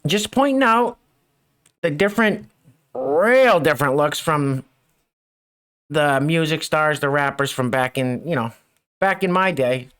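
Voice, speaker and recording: A man's voice: on the high side, animated, a little slow, long pauses, fairly bright tone, smooth. A middle-aged man hosting a mocking news commentary show, with sarcastic, chuckling asides. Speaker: show host.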